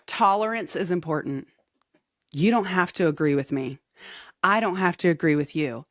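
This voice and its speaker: A woman co-hosting a podcast in casual chat, telling playful, animated stories. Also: lowish voice, normal speed, no room sound, clean studio sound. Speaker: podcast co-host.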